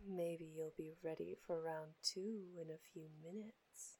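A young woman performing an intimate audio role-play in a breathy, emotional voice, with soft murmurs and gasps. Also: low voice, fairly even intonation, unhurried. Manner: emotional, gasping, murmured closeness.

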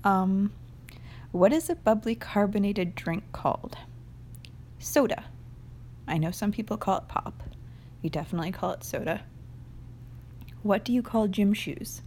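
A young woman with a New England accent chats casually through an accent challenge, a vlogger full of fillers and soft laughs. Her medium-pitched voice moves a little slowly, with long, hesitant pauses and slight background noise.

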